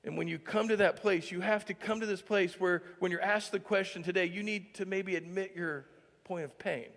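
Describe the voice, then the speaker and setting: A male pastor preaching a sermon in a conversational way, full of fillers, moving between hushed and loud, emphatic stretches. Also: high voice, fairly even intonation, moderate pace. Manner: conversational, heavy use of filler "like". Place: church sanctuary. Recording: long church-hall reverb.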